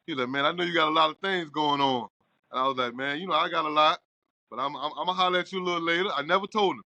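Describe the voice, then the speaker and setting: A man's voice: fairly high pitch, very fast, no room sound. A middle-aged man, a barbershop owner telling a long story and acting out the dialogue as he goes. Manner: animated storyteller, acts out quoted dialogue. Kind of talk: casual storytelling interview.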